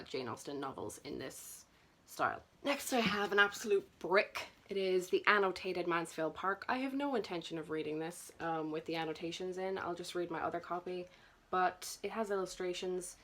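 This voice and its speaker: A woman's voice: on the low side, moderate pace, fairly bright tone. A young woman chatting nervously and self-consciously through her book collection for a vlog. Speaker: booktuber. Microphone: camera mic.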